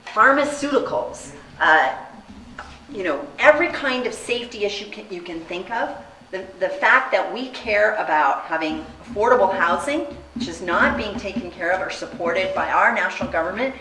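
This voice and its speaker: American woman candidate, bright voice, earnest stump speech, heard from a distance in an echoey room. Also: medium pitch, animated, normal speed, slight background noise. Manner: earnest, storytelling, acts out quoted people. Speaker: congressional candidate.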